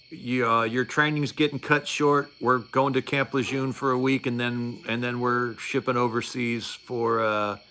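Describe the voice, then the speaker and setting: Bright-voiced middle-aged man telling a story. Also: medium pitch, slight background noise. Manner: rambling, wry, with frequent fillers and restarts. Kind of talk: casual storytelling.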